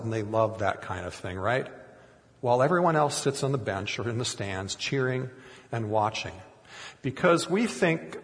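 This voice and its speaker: A man's voice: mid-range voice, in a large hall. A middle-aged man preaching a sermon as a pastor, telling stories animatedly and acting out the quotes. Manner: animated storytelling with acted-out quotes.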